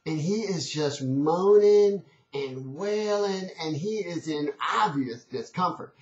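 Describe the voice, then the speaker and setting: A motivational speaker delivers an earnest, conversational talk, telling a story and pushing listeners to change, restarting his sentences often. His voice sits on the high side, with lively intonation and a slow pace. The old recording sounds dull and echoey.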